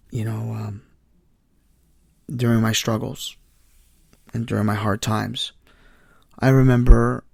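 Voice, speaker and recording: Man, gravelly voice, earnest faith testimony, close dry mic. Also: lowish voice, no room sound. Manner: earnest, heartfelt storytelling. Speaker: podcast host.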